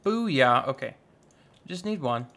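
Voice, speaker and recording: A young man giving casual, goofy let's-play commentary, chatting excitedly with his viewers. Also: medium pitch, slow pace. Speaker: gaming YouTuber.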